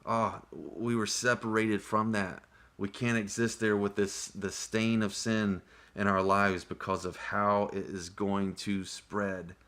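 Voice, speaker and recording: Slow, low-voiced man teaching scripture. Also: little pitch movement, fairly bright tone. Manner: conversational and earnest, with frequent exclamations. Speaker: Bible teacher. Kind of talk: casual Bible study teaching.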